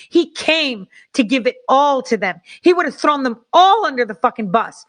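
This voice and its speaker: Woman, host, angry commentary, swears a lot, repeats herself, fairly high-pitched. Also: expressive, moderate pace, hardly any pauses, a bit bright. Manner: profane, heated, repeats herself.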